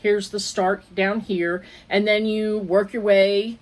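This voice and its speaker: A woman's voice: medium pitch, little pitch movement, takes it slowly. An older woman chatting about her crochet projects and telling a long story. She rambles and jumps between points, often laughing at herself as she talks. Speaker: crochet podcaster. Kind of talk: casual chat.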